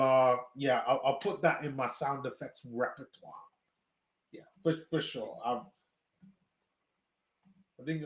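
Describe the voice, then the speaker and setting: A man hosting a live watch party, excitedly reacting play by play and often stammering and restarting his sentences. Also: a little high, echoey room.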